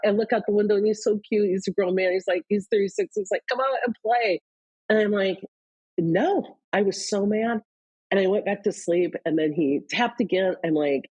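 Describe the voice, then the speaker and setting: A woman from Iowa, a guest, telling personal stories candidly in an interview, quick bursts between slower pauses. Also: medium pitch, warm tone, breathy edge, no room sound, low-quality recording. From Iowa, US Midwest. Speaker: guest, leadership author.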